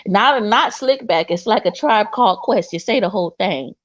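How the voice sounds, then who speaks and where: A woman co-hosting a casual livestream chat, animated and laughing often, trailing off and restarting her sentences. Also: mid-range voice, normal speed, no room sound. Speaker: co-host. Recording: dull lo-fi sound.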